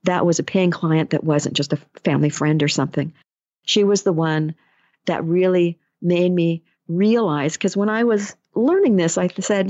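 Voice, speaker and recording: A woman's voice: fairly low pitch, normal speed, darkish tone. A woman talks in a casual monologue, a chatty storyteller who slips into the voices of the people she quotes. The sound is dull and lo-fi, with no room echo at all. She speaks as an energy healer and life coach.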